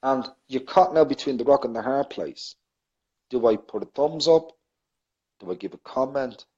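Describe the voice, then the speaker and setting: A man's voice: medium pitch, animated, normal speed, warm tone. A man co-hosting a poetry show, earnest and enthusiastic, repeating his points. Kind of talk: casual chat on a live show. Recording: dull lo-fi line.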